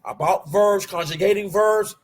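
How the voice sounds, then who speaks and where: A man teaching an online Arabic grammar class. He asks the class questions and answers them himself, drills key terms slowly and mixes Arabic terms into his English. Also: high voice. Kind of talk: live online class lecture.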